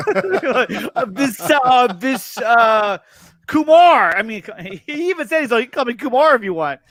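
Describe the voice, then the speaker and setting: High bright-voiced young man hosting a livestream. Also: very animated, faint music behind. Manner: reads viewer messages aloud and thanks them, upbeat and chatty; quick laughs and frequent restarts. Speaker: host of a review and reaction show. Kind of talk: casual livestream chat.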